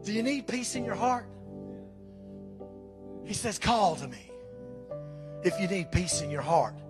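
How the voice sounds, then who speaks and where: High-voiced preacher. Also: male voice, big pitch swings, unhurried, music in the background. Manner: emphatic preaching, exclamations of praise. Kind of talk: sermon.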